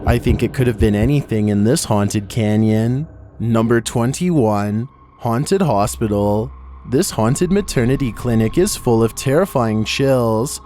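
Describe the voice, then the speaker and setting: A man giving scripted narration for a horror countdown video, with measured, wry commentary. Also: mid-range voice, mellow, slight background noise. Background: background music.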